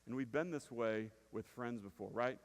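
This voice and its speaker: A man preaching a conversational sermon as pastor, dropping to a hush then rising to emphatic points and checking in with the congregation. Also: mid-range voice, normal speed. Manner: conversational preaching with frequent "right?" asides, swinging from hushed to emphatic. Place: church sanctuary. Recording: long reverb of a church hall.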